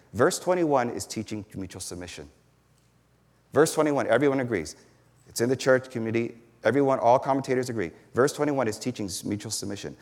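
A man's voice: mid-range voice, a little mellow. A man giving an earnest sermon as a pastor, explaining a passage point by point and pressing hard on the words that matter. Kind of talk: sermon teaching. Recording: long hall reverb.

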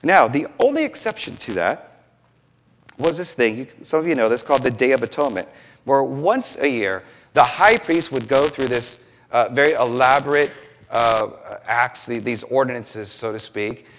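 A man's voice: medium pitch, moderate pace, a little hiss or hum. A man preaching a sermon, acting out scenes and quoting voices as he teaches from scripture. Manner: animated, acts out biblical scenes with quoted voices. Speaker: pastor.

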